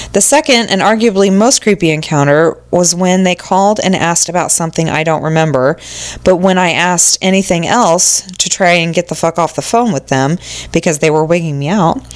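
A woman co-hosting a casual podcast, reading listener stories aloud and reacting with exclamations. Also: on the low side. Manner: animated, reacts with exclamations and swearing.

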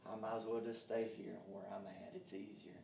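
A man's voice: on the low side, level tone, brisk, vocal fry, a little mellow, pitched below the performer's own voice. A man voicing a lazy, comfort-seeking goose in a sermon story, in a plain storytelling way. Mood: complacent. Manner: plain storytelling quote, barely changed voice. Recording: roomy echo, distant from mic.

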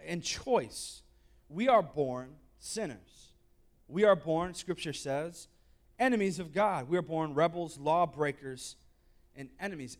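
A man preaching a sermon to a church congregation, conversational and joking, then building to shouted exhortation. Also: high voice. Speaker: pastor.

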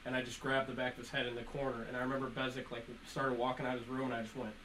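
A young man telling profane stories to friends in casual chat, animated and laughing between lines. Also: medium pitch, very fast, slight background noise, poor audio. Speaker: storyteller among friends.

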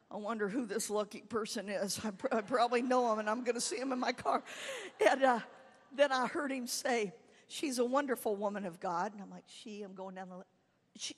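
A woman evangelist preaching a sermon, telling her story with swings from quiet asides to loud, shouted climaxes. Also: fairly high pitch. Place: church camp meeting hall. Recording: long hall reverb.

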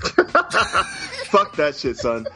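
A man's voice: fairly high pitch, wildly swooping pitch, very slow. Laughing, joking man with faint music. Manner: profane, joking, laughs often. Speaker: podcast co-host. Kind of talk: casual chat.

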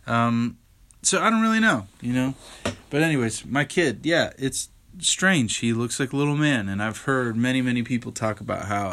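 A man's voice: medium pitch, animated, moderate pace, a bit bright. Rambling tired young man podcasting. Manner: rambling, candid, self-interrupting with fillers. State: tired, yawning. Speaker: podcast host. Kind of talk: casual solo podcast chat.

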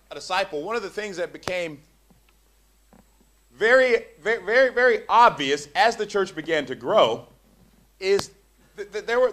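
A man preaching an animated, jokey sermon, often repeating words as he builds up. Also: sits high.

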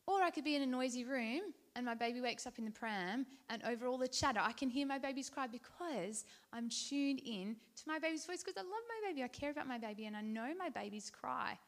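A woman's voice: high-pitched, expressive, fairly quick, few pauses. A woman giving a devotional talk, telling a personal story in a conversational, heartfelt way with fillers and restarts. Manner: earnest and heartfelt. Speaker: Christian speaker.

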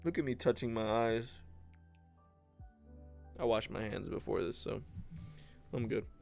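Gravelly young man rambling on a podcast. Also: fairly low pitch, a little slow, darkish tone, soft background music. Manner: rambling, joking, says bro, mimics people in his stories. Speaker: podcast host and content creator. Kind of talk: casual solo podcast storytelling.

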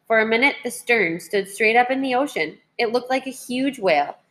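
A woman teacher reading a children's history book aloud in a clear, measured way. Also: fairly high pitch, expressive, fairly bright tone.

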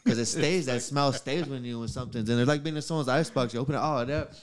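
A man, a maintenance worker, telling profane, animated stories in casual chat. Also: mid-range voice, fast talker, noisy background.

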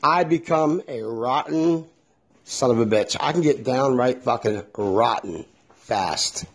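Speaking slowly in a breathy, mid-range voice, a middle-aged man hosts a podcast on his own. He holds forth with strong feeling and plain bluntness, cursing freely as he goes.

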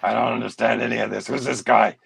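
A man's voice: mid-range voice, steady tone, quick pace, creaky, fairly bright tone. A man voicing a battered old male puppet that is bewildered and complains it cannot see or move its mouth.

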